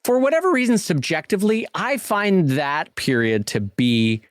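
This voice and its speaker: A middle-aged man co-hosting a podcast in casual chat, an animated storyteller who acts out the people he quotes. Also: high voice, moderate pace, no echo, clean studio sound. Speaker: podcast co-host.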